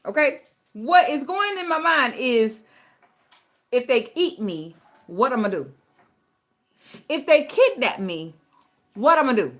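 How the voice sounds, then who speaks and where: Animated woman telling a story. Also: high-pitched. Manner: animated, dramatic, acts out voices in her story. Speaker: storyteller vlogger. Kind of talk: casual storytelling.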